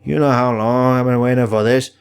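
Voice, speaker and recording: A man's voice: medium pitch, fairly even intonation, a little fast, smooth, natural voice. A man quoting a brash, swaggering male mutant hero in an eager, boastful tone, a little off-mic.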